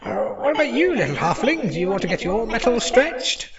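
A man's voice: very high voice, sing-song, brisk, highs cut off, a crowd in the background, pitched above the performer's own voice, heavily acted. A man voicing a timid little robot. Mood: polite. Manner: hesitant, stammering politely. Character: small polite timid male robot.

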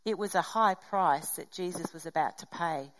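A woman's voice: on the low side, normal speed, poor audio. A middle-aged woman preaching a sermon, telling a personal story and acting out the dialogue. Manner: animated storytelling, acts out dialogue.

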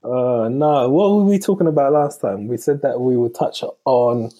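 Man, mellow husky voice, halting, searches for words, podcast co-host. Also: medium pitch. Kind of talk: casual chat.

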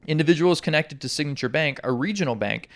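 A man co-hosting a podcast, giving sarcastic, animated political commentary in casual chat. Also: a little high, quick pace. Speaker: podcast co-host.

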